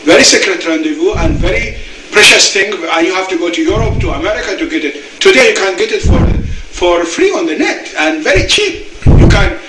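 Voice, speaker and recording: A man's voice: high-pitched, sing-song, a little fast. A man speaking as a guest expert, arguing his point with a stream of rhetorical questions. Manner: argumentative, firing rhetorical questions. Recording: distant echoey noisy played clip.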